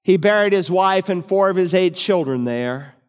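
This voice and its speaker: A middle-aged man preaches from the pulpit, lifting his voice on key words and then slowing for weight. His voice is smooth, resonant and a little high for a man. Long reverb from the church sanctuary trails every phrase. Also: animated. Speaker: pastor. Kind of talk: sermon.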